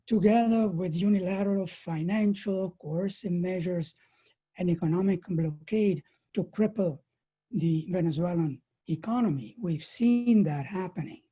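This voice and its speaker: A woman speaks slowly and deliberately at an online webinar, leaning hard on key words. Her voice is very dark and a little husky. It sounds like a computer mic on a video call. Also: lowish voice, poor audio. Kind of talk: prepared political talk.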